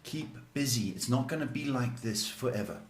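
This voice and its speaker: A man's voice: mid-range voice, normal speed. Chatty male psychic host, roomy echo. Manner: chatty, reassuring, repeats "okay" and "folks". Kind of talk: live-stream advice chat. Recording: echoey room.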